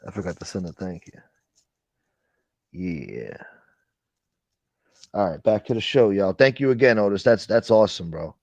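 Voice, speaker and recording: A man's voice: low voice, expressive, unhurried, pauses often, darkish tone, no room sound, lo-fi sound. A man hosting a casual livestream chat, ranting with profanity and thanking viewers for donations. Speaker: livestream host.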